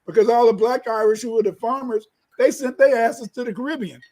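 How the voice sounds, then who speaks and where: Emphatic high-voiced man ranting. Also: brisk, warm tone, low-quality recording. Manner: emphatic, rambling, repeats himself. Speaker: co-host. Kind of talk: casual opinionated talk.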